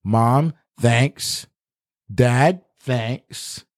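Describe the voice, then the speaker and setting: A man's voice: mid-range voice, drawn-out words. A man holds forth on a casual podcast in an everyday mid-range voice. He tells a rambling story and swears constantly. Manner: profane, rambling anecdotes. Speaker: podcast co-host.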